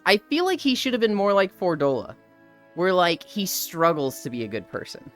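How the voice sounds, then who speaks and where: A young woman streamer chats casually and animatedly on a live stream, swearing freely while ranting about a game's story. Her voice is lowish and her speed normal, with soft music playing in the background.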